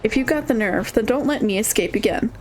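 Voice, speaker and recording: A woman's voice: a little high, animated, brisk, close to an everyday voice. Woman voicing a smug mocking ghost creature. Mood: smug taunting. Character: arrogant taunting ghostly creature, cocky.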